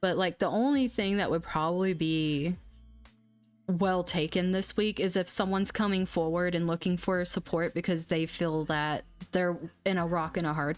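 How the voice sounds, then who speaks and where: Blunt, chatty woman streamer, low voice. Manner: chatty, blunt, swears casually, laughs between points. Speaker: astrology channel host. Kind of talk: casual livestream commentary.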